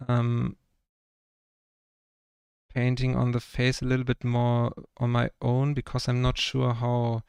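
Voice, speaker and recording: A young man from Germany chats in English with a German accent as he paints on a live stream. His voice is smooth yet full of vocal fry, and he talks in a flat, rambling way, padding his thoughts with fillers. The sound is dry and close to the mic. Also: mid-range voice, no room sound. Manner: rambling, filler-heavy, self-conscious about his English. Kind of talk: casual livestream chat.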